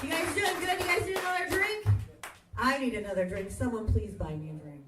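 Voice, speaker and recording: A woman's voice: sits high, brisk. A woman hosting a live comedy show in a tavern, swearing freely while she hypes up the crowd. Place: small tavern, live audience. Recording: echoey bar from far off, crowd noise.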